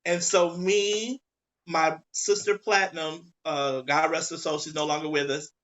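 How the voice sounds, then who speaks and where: A man's voice: fairly high pitch, steady tone, unhurried, a bit bright, highs cut off. A man in his forties chatting casually on a video call, telling his story in an easygoing, matter-of-fact way. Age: 40s. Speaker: co-host and drag performer. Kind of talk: casual chat.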